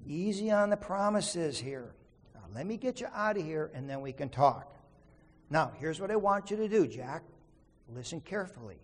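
A man voicing God as a calm, patient figure who gently tells a frightened man what to do. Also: a little high, moderate pace, long reverb tail. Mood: steady. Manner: soothing, gently commanding.

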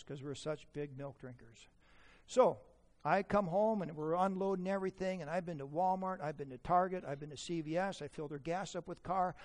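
A man preaching a sermon to an audience, humorous and asking them questions. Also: high-pitched. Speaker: preacher teaching on parenting. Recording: echoey hall reverb.

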